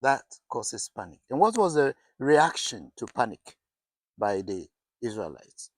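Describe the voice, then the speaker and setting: A middle-aged man preaches a sermon with a voice of middling pitch. He asks his listeners questions and often stumbles and restarts mid-phrase. The sound is dry and close, with no room around him. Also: sing-song, unhurried, no echo. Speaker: pastor.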